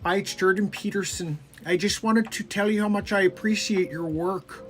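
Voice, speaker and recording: A measured psychology professor with formal phrasing and earnest praise, as a man imitates him. Quieter, with a slightly distant tone. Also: sits high, soft background music. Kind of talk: comedic impression.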